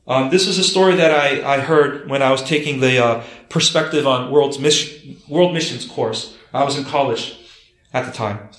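A man preaching as a pastor, telling a story in an earnest way and dropping soft and low for emphasis. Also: normal speed. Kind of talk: storytelling sermon. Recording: roomy echo.

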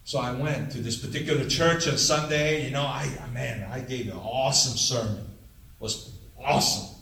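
A man preaching a storytelling sermon as a pastor, acting out conversations with lively jumps in his voice. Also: normal speed, slight background noise. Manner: animated, acts out dialogue with big pitch jumps. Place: church sanctuary, heard from afar. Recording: echoey room, distant mic.

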